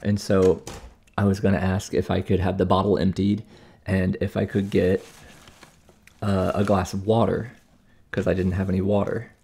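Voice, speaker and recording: A young man tells a story in a casual, exasperated way, acting out what other people said. His voice sits low and has a gravelly edge. The tone is dark and mellow. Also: flat delivery, moderate pace, pauses often. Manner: chatty, exasperated retelling with acted-out quotes. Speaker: vlogger recovering from surgery. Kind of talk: casual storytelling while cooking.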